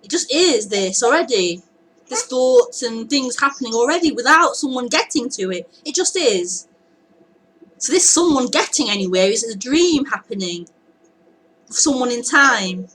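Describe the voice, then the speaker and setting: A woman spiritual teacher answering a question in a live group talk, musing and halting. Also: fairly high pitch, lively intonation, fairly bright tone, a little hiss or hum, low-quality recording.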